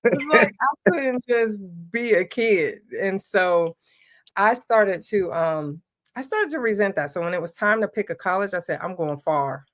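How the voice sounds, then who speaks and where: A middle-aged woman from Ohio, a former basketball player telling stories as a guest in a casual interview, animated and laughing often. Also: mid-range voice, a little slow. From Ohio, USA.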